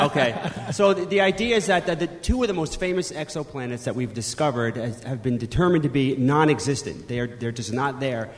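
Brief: man, co-host, mid-pitched, casual science chat, reverberant hall. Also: a little fast, hardly any pauses. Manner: chatty, self-deprecating, restarts often. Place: live stage.

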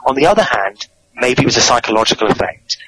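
A man, a guest author, answering interview questions in a measured, explanatory way, often repeating words as he goes. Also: medium pitch, very animated, bright, forceful tone, low-quality recording.

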